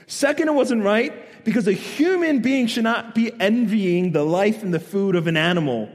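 A man preaching a sermon, telling stories animatedly and building to loud, emphatic points. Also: high voice, normal speed, long reverb tail. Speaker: pastor.

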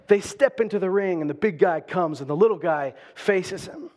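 A man with a high voice delivers a sermon. He drives hard in loud passages, then drops to quiet, low-spoken stretches. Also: moderate pace, hardly any pauses. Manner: dynamic preaching, swings from loud bursts to quiet lows. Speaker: pastor.

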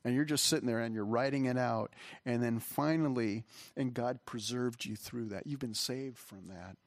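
A man of middle pitch preaches in an easy, conversational way, circling back and restarting as he goes. His delivery is earnest and sometimes emotional. The sound is close and dry, with little room in it. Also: moderate pace, no room sound. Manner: rambling, earnest, with many restarts and fillers. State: emotional, voice catching. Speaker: pastor. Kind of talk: conversational sermon. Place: church hall.

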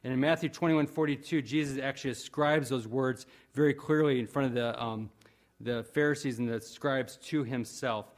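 A man's voice: mid-range voice, fairly even intonation, normal speed. Earnest conversational male preacher. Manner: conversational, earnest, with frequent fillers and restarts. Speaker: pastor. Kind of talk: sermon.

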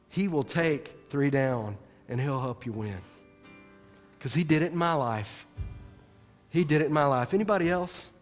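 A man preaching a sermon, animated, moving from excited outbursts to soft, earnest appeals. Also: fairly high pitch, normal speed, long pauses, big-room sound, faint music behind. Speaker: pastor. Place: church.

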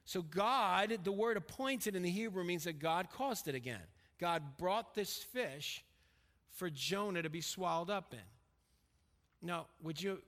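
Middle-aged guy preaching, bright sharp tone, gets real quiet and intense on personal bits. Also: a little high. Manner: emphatic, drops to quiet intensity on personal story. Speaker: pastor. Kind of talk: sermon. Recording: long reverb of a hall.

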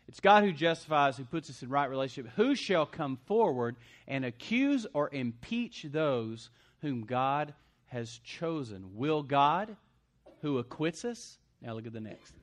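A man preaching a sermon as pastor, swinging between loud punchy lines and quiet asides. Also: a little high.

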